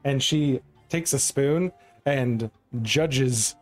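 A man's voice: medium pitch, drawn-out words. Guy running a tabletop game, easygoing narration, lots of ums, bit of music in the back. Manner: loose, rambling, frequent ums. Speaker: game master.

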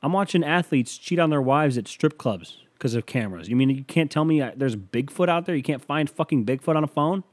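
A man's voice: on the high side, expressive, brisk, hardly any pauses. A man hosting a solo comedy podcast, delivering a rambling, sarcastic monologue full of swearing. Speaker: podcast host.

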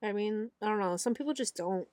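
A woman's voice: mid-range voice, fairly quick, a little mellow, no echo. A young woman co-hosting a casual chat with friends, blunt and emphatic, swearing freely.

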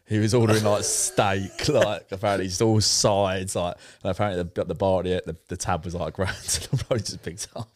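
Deep-voiced man telling a story. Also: steady tone, moderate pace, hardly any pauses, soft background music. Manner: laid-back storytelling with slang and laughs. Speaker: podcast co-host. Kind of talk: casual chat.

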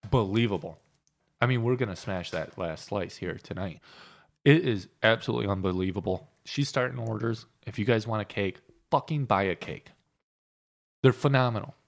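A man's voice: fairly low pitch, moderate pace, vocal fry. A man co-hosting a casual podcast from a home loft, telling rambling stories with plenty of swearing. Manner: profane, rambling storytelling. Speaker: podcast co-host. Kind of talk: casual chat.

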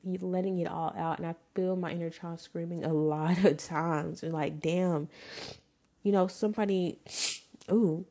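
Podcast host, woman in her twenties, low-pitched and warm, candid, emotional personal storytelling. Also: fairly even intonation, unhurried. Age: 20s. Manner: candid and emotional, casual swearing.

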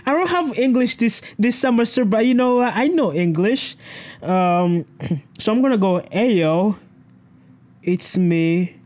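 A man's voice: very high voice, animated, moderate pace, darkish tone. A young man vlogging casually to his camera, telling a story in a rambling, self-correcting way, swearing freely and laughing often.

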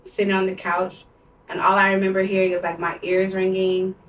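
A woman's voice: mid-range voice, completely flat delivery, brisk, slight background noise. A young woman in her twenties, a podcast co-host, telling a personal story in a candid, emotional way, with heavy use of "like.". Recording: roomy sound, distant from mic.

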